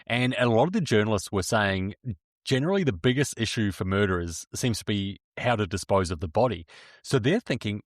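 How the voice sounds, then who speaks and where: A man's voice: lowish voice, expressive, a little fast, no echo, clean studio sound. A man co-hosting a true crime podcast, telling the story casually, swearing and joking. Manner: swearing, joking, laughs often. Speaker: podcast co-host.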